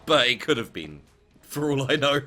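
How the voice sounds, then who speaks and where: A man's voice: mid-range voice, sing-song, normal speed, sharp tone, faint music behind. A man hosting a casual gaming stream, joking with friends, laughing often and restarting his sentences. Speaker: streamer host.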